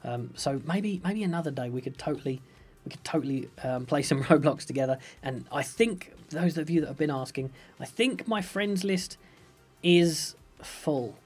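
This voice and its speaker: A man's voice: fairly high pitch, normal speed, darkish tone, breathy edge, soft background music. A young man streaming a building game live, chatting playfully with viewers and reading out their questions. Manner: playful, upbeat, chatty, jokey. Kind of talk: live gameplay commentary, reading chat.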